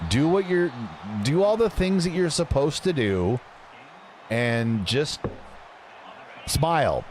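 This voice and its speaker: A man's voice: fairly high pitch, animated, takes it slowly, darkish tone, slight background noise. A man chatting casually with his live-stream audience while playing a game, joking and reading chat messages aloud. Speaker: gaming streamer.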